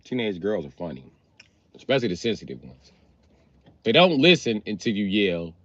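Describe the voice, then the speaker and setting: A man's voice: lowish voice, a bit bright, no room sound. A middle-aged man on a livestream, ranting bluntly and crudely in a heated, comic way. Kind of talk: profane comic rant on a livestream. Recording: slightly dull lo-fi stream mic.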